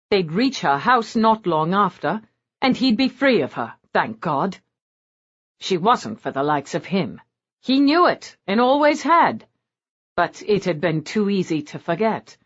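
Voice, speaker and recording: A woman narrating a romance audiobook in a scripted style, with a lively, varied delivery. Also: on the low side. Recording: dull lo-fi audio.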